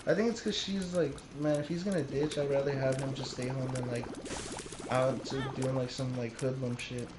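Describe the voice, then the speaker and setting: A man's voice: mid-range voice, fairly even intonation, normal speed, noisy background. Young man rambling in an echoey room. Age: 20s. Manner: rambling storytelling, swears freely. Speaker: streamer. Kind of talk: casual chat.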